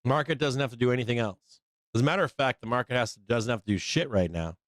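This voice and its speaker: A man of medium pitch talks quickly while hosting a live trading stream, with no echo. His loose, profane commentary rambles along with plenty of fillers and jeering quotes from fellow traders.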